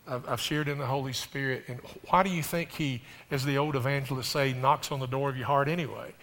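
A man preaching a sermon to his congregation, stumbling over restarts and building to loud, rising emphasis. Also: medium pitch. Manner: addresses the congregation directly. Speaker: pastor. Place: church sanctuary. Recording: preached in a reverberant hall.

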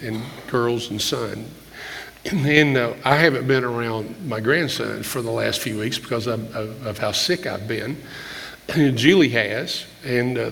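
An older man, a pastor, preaching a conversational sermon with candid stories, often clearing his throat and restarting phrases. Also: medium pitch, fairly bright tone. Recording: long reverb of a large hall.

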